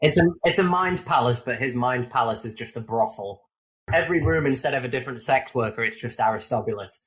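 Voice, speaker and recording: A man at a tabletop game session who riffs out jokes in an ordinary mid-pitched voice. He builds a bit line by line. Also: expressive, a little fast, fairly bright tone, rough recording. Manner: riffing, joking. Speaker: player.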